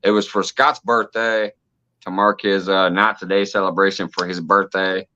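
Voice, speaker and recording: A chatty man hosts a relaxed live stream, greeting viewers and laughing along. His voice is bright and forceful. The audio comes through dull and lo-fi. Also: low-pitched, moderate pace. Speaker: host. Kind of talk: casual live-stream chat.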